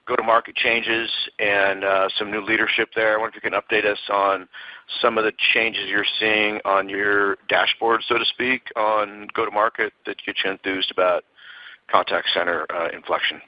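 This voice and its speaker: A man's voice: on the low side, little pitch movement, moderate pace, no room sound, lo-fi sound. A man, a financial analyst, politely asking a question on an earnings call, stumbling and repeating words as he goes.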